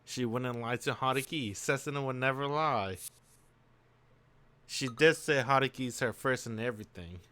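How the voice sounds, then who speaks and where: A man's voice: mid-range voice, moderate pace, bright, forceful tone, smooth, dry recording. A man streaming a visual novel, musing aloud in casual slang as he reacts to the story. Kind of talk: casual let's-play commentary.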